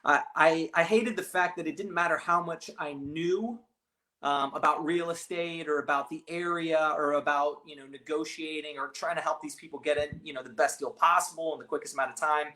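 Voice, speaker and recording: A man's voice: fairly high pitch, fairly even intonation, brisk, pushed and bright. A man, a real estate agent, talking casually in an interview, rambling with many restarts and fillers. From California, raised partly abroad.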